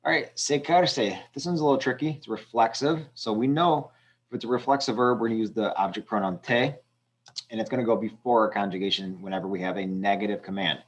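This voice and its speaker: Man, lowish voice, patient teacher, step-by-step walkthrough, casual fillers. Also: fairly quick, muffled recording. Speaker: Spanish teacher. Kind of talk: screen-recorded lesson walkthrough.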